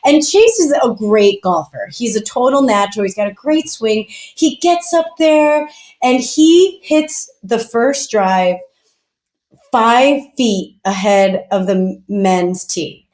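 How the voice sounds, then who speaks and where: Woman guest, animated storyteller, bit high voice, roomy echo on the track. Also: slow pace. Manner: animated, chatty, many fillers. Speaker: podcast guest. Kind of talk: casual storytelling.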